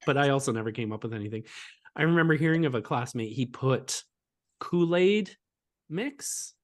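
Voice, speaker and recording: A man with a mid-range voice co-hosts a relaxed podcast conversation. He laughs readily and drops in teasing remarks. He tells his own stories in a loose, unhurried way. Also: medium pitch. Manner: easygoing, laughs often, teasing asides. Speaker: co-host. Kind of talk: casual chat.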